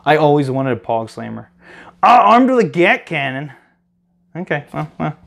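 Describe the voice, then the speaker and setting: A man hosting a casual card game review, reading cards aloud with excited reactions. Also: a little high, normal speed, creaky. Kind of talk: casual chat.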